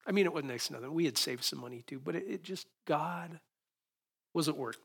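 A middle-aged man preaching a sermon as pastor, telling a personal story with sudden loud emphatic peaks. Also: fairly high pitch, fairly quick, gravelly, husky.

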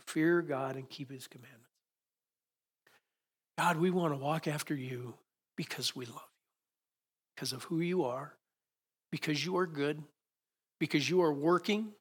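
A middle-aged man preaching a sermon as pastor, telling a personal story with sudden loud emphatic peaks. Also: on the high side, slightly rough.

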